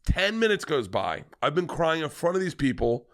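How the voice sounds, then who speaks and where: A comedian on a podcast telling a long personal story in a casual, animated, swearing manner. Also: male voice, a little high, moderate pace. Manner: animated, profane, fillers like "like".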